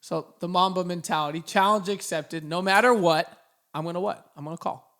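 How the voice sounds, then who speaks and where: A man's voice: high voice, a little fast, fairly bright tone. Playful man acting out sales voicemails. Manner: playful, acts out his own voicemails. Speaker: podcast co-host. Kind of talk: casual podcast coaching talk.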